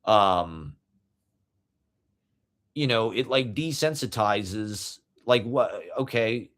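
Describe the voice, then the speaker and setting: Male podcast host, slow deliberate rant, low voice, rambling and profane. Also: expressive, fairly bright tone. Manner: rambling, heavy fillers, profane. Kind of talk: casual monologue rant.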